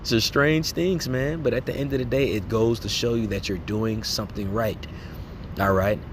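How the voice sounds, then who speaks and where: Over background noise, a lay preacher with a lowish voice gives a casual religious exhortation at a moderate pace. He talks in slang, tacks "man" and "okay?" onto his lines, and laughs while acting out reactions.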